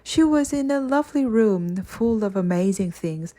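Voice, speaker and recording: A woman reading a children's book aloud in a clear, steady storytelling way. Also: medium pitch, normal speed. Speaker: audiobook reader.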